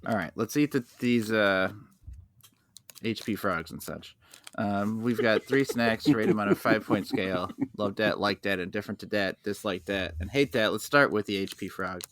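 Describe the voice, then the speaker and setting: A man hosting a casual snack podcast, low-key and dry as he leads the segments. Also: normal speed, a bit bright. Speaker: podcast host. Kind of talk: casual chat, snack tasting.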